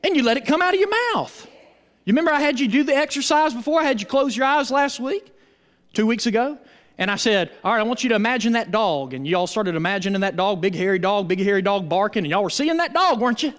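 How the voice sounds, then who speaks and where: A male pastor preaching a sermon with animated, emphatic delivery and call-and-response with his congregation. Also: high-pitched, quick pace, big-room sound. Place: church.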